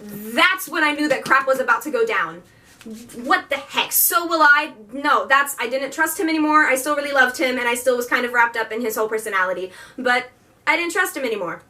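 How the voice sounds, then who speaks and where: A woman's voice: high-pitched, animated, fairly quick, pushed and bright, far from the mic, slight background noise. A young woman chatting about a book she loves, rambling and gushing with lots of filler words. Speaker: book vlogger. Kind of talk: casual book review chat.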